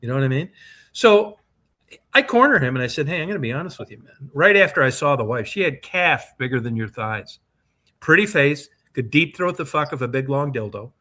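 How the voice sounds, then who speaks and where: A man's voice: mid-range voice, lively intonation, moderate pace, sharp tone. Foul-mouthed man telling a rambling story. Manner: profane, rambling anecdote-telling. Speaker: podcast co-host. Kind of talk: casual storytelling chat. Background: co-host's short reactions.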